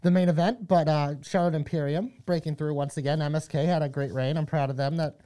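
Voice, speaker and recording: A man's voice: on the high side, fairly even intonation, warm tone, clear, resonant tone. A man co-hosting a casual wrestling podcast, reading out plugs and giving his takes with energy. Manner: upbeat, reads plugs quickly. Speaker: podcast co-host.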